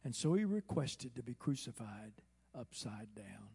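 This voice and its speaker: A man preaching a sermon from the pulpit of a church, who moves from quiet, hushed asides to slow, loud, soaring exclamations. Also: mid-range voice, big pitch swings, creaky, breathy edge. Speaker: pastor. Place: church sanctuary.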